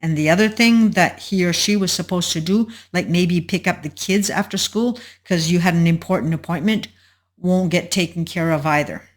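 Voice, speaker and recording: A woman hosting a solo advice talk, explaining in a measured way and walking through an example step by step. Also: lowish voice. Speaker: host.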